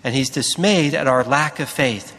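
A priest giving a sermon, speaking slowly and deliberately with emphatic pauses. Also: male voice, medium pitch, a bit bright, in a large hall.

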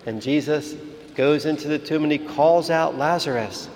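A man, a priest, giving a calm, measured sermon in a church. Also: a little high, slight background noise. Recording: reverberant hall with faint ambience.

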